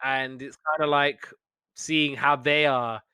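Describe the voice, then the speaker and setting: Bright, smooth man in his thirties. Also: medium pitch, steady tone, no echo. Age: 30s. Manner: halting, hesitant, restarts often. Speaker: podcast co-host. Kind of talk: casual chat.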